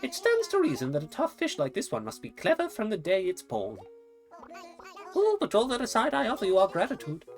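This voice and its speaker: A fussy male owl curator in a cozy game, prim, polite and fond of long words, as a woman puts him on. The voice sits higher than her own, with a lively, swooping lilt. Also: a little fast, soft background music. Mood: pompous. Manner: prim, wordy and polite, with a hooting catchphrase.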